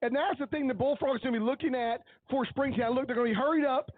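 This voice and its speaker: A man giving coach-like color commentary on a high school football game, earnest and openly emotional as he breaks down each play. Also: fast talker, breathy edge, dry recording, narrow, tinny audio. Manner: analytical, coach-like breakdowns of plays.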